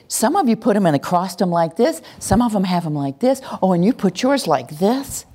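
Here a female workshop presenter with a medium-pitched voice teaches a live audience in a room interactively. She keeps a moderate pace with few pauses, staying animated and performing cheering voices.

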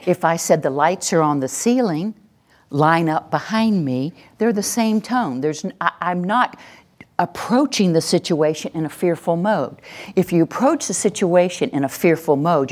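A woman teaching a workshop to an audience, animated and acting out example voices. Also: low-pitched. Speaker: teacher trainer.

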